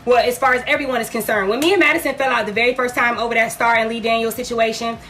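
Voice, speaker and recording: Profane high-voiced woman from Detroit. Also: fairly even intonation, racing, pushed and bright, slight background noise. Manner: blunt, profane, dramatic retelling. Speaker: livestreamer telling a story. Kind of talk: heated storytelling on a livestream.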